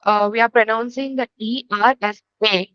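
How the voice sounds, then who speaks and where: A woman student gives tentative answers in an online lesson. Her voice sits a little high and sounds dry and dull over the call. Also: fairly even intonation, moderate pace, clear, resonant tone, no echo.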